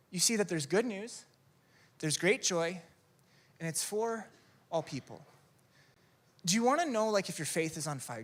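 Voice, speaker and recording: A man preaching a sermon, telling stories and asking rhetorical questions. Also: high-pitched. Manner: animated storytelling with rhetorical questions. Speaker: pastor.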